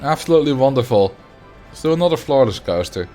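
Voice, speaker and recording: A young man talks his way through a building game on a livestream, with an easy, chatty manner. His voice sits at an ordinary middle pitch, and he laughs often and mutters half-sentences as he works. Faint game music plays behind him. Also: lively intonation, fairly quick, warm tone. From Netherlands. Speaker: game streamer. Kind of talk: casual livestream commentary.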